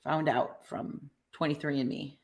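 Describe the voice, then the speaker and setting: A middle-aged woman co-hosting a casual live stream, animated and laughing often as she reads viewer comments aloud. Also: deep voice, unhurried, gravelly.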